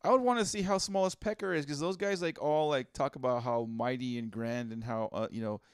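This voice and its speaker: This male comedy podcast co-host has a mid-range, clean-toned voice and talks fairly quickly, reading listener posts and riffing bluntly with lots of swearing and filler words. The sound is dry and studio quality.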